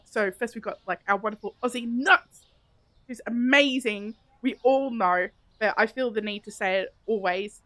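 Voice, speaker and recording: A woman's voice: fairly high pitch, fairly bright tone, no room sound. A woman live-streaming a game, chatting casually with viewers, giggling often and thinking aloud as she plays. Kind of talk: casual live-stream chat while playing.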